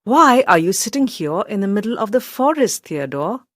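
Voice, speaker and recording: A woman narrating a children's storybook aloud in a slow, expressive way, lifting her voice for the characters' lines. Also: no echo, studio quality. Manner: lively storyteller, voices quotes higher.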